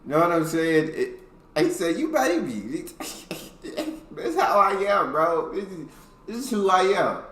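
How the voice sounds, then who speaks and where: A man's voice: high voice, lively intonation, measured pace, a bit bright, reverberant. A man hosting a reaction video, commenting casually and calling his listeners bro. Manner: laid-back, says bro a lot.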